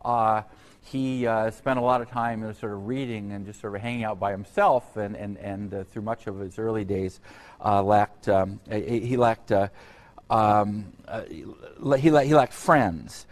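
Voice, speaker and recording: A man giving an unscripted university history lecture, halting often on fillers and restarts, with conversational asides to his students. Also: on the low side. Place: lecture hall.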